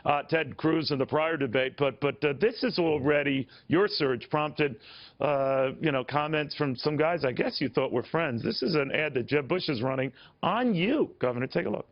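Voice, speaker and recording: A man's voice: fairly high pitch, normal speed. A man anchoring a TV news interview, wry and teasing, with chatty restarts. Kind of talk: broadcast interview. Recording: dull lo-fi broadcast audio.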